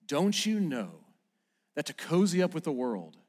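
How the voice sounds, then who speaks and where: A man in his thirties, a pastor, preaching a sermon in a conversational, animated way with playful asides to the congregation. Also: a little high, unhurried. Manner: playful asides and mock quotes to the audience.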